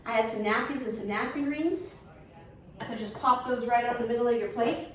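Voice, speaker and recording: A woman's voice: a little high, moderate pace, recorded from a distance. Sassy woman in an echoey room. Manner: sassy, blunt, animated storyteller. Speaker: vlogger setting a table. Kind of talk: casual storytelling chat.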